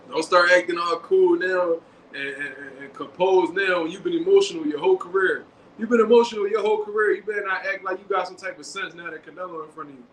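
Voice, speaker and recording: Animated slangy man in an echoey room. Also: on the high side. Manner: animated, slangy, acts out quotes. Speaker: boxing show host. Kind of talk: casual commentary. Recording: echoey room with faint background noise.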